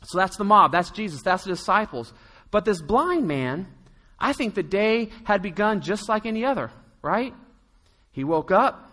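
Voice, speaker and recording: A man with a high, bright voice preaches a sermon, telling the story in a loose, chatty way and slipping into the voices of its people. His words ring out through a hall with a long reverb. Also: big pitch swings, moderate pace. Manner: storytelling, conversational, acts out quotes. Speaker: pastor.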